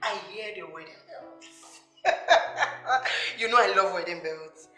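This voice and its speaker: An actress playing a chatty, teasing coworker who loves gossip, in a Nigerian accent. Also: female voice, on the low side, moderate pace, bright, forceful tone, echoey room, soft background music. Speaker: office gossip.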